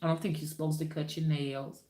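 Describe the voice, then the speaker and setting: A woman's voice: deep voice, flat delivery, a little fast, warm tone, echoey room. A woman hosting a spiritual livestream, talking casually and preachily to her viewers and greeting them by name.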